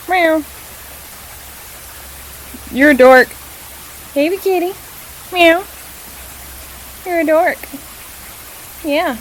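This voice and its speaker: A woman's voice: sits high, a bit bright, slight background noise, rough recording. A woman filming her cats at home, playfully teasing them and meowing at them in a casual home video. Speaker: cat owner filming her pets.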